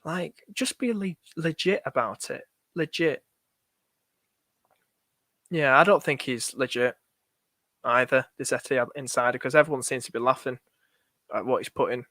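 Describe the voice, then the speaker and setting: A man's voice: mid-range voice, moderate pace, long pauses, bright, forceful tone, no room sound, studio quality. A young man on a live stream, thinking aloud in a chatty, anxious way and talking to his viewers. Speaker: fantasy football streamer.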